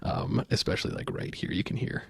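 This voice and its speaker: A man with a gravelly, slightly sore voice, giving a casual soft-spoken audio software tutorial and thinking aloud as he clicks through settings. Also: a little fast, no echo.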